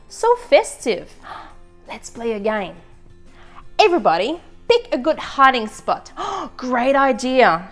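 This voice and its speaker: A woman's voice: high-pitched, fairly bright tone, exaggerated voice. A woman voicing a gang of giddy, carefree runaway eggs in a storytime read-aloud.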